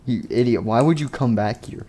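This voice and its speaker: A man voicing Nightmare, a bossy, rude male animatronic bear boss who scolds with a mellow voice. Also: mid-range voice, a little fast, natural voice. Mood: scolding.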